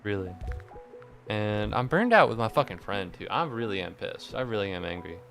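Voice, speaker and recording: A man streaming casually, sarcastic and swearing often, swinging from mock-angry rants to quiet deadpan asides, sounding tired and stressed. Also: fairly low pitch, moderate pace, soft background music. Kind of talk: casual live-stream chat.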